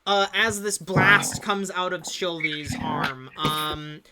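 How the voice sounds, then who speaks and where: A woman's voice: fairly low pitch, loud music behind the voice. A woman narrating as game master of an online tabletop game, casual and laughing, drawing out her descriptions. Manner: casual and laughing, swearing, with lively slowed narration. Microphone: computer mic on a voice call.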